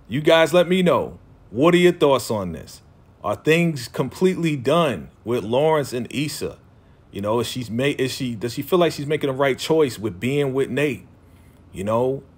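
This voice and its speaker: A man talking casually as a TV recap vlogger, loosely quoting characters in his own voice with lots of fillers. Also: mid-range voice. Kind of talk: casual chat.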